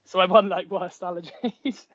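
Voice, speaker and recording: A man's voice: high-pitched, steady tone, normal speed, a bit bright, no room sound. A man who is an actor, chatting as an interview guest and telling stories with lots of "like" fillers, speaking through headphones. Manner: chatty storytelling with many "like" fillers. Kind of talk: casual interview chat. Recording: dull lo-fi sound.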